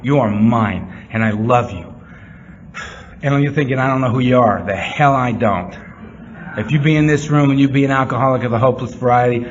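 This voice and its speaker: A man giving a speech to a meeting room audience. He talks earnestly, slipping into rapid-fire repeated phrases. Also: fairly high pitch. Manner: animated, rapid-fire repetition; earnest, heartfelt. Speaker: recovery meeting speaker. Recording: slightly muffled, faint room hum.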